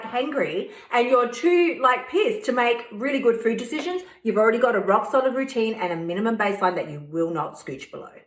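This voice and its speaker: A woman's voice: a little high, fairly bright tone. A woman hosting a weight-loss coaching podcast, blunt, profane and fired-up. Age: 50s. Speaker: host. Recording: roomy echo.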